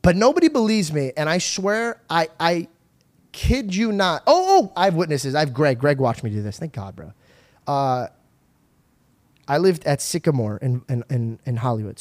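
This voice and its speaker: A young man hosting a podcast, telling stories in a casual, animated way, acting out voices and swearing freely. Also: on the high side, brisk. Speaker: podcast host. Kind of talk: casual storytelling chat. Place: podcast studio.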